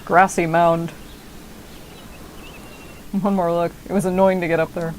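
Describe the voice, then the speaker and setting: A woman's voice: on the low side, level tone, a little slow, a little hiss or hum. A woman in her thirties streaming a game, muttering to herself and talking back at it. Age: 30s. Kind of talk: casual gameplay commentary.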